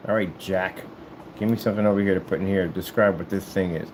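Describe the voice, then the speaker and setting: A man rambling casually to the camera as he works, animated and joking, often jumping into a high falsetto. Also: quick pace, a little hiss or hum, low-quality recording. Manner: animated, jumps into high falsetto sing-song and joking voices. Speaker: vlogger. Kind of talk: casual rambling monologue while working.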